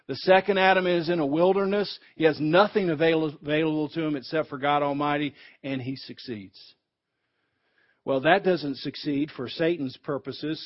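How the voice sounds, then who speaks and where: A man preaching a sermon in an emphatic way, building to fervent peaks, heard on a dull, lo-fi recording. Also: on the high side.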